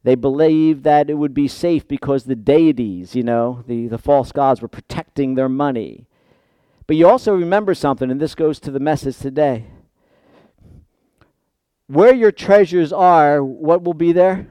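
A male pastor preaching a sermon in church, swinging from hushed asides to loud emphatic peaks. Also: mid-range voice, moderate pace, smooth, no echo.

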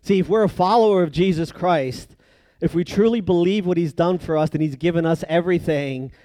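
A man preaching a sermon, moving between loud emphatic passages and hushed, drawn-out phrases. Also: on the high side, no room sound.

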